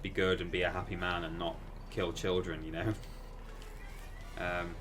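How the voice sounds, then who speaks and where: Guy rambling through a game stream, lowish voice, yelps when stuff goes wrong. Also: moderate pace, noisy background. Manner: chatty, rambling, bursts of excited exclamations at the game. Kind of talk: casual gaming stream commentary.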